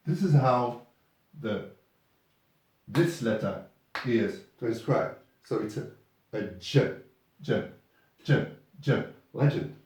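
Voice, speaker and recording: Echoey, lively male teacher from afar. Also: medium pitch. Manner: patient, repeats words for students. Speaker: English teacher. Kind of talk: classroom pronunciation lesson. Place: classroom. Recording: echoey classroom from far off.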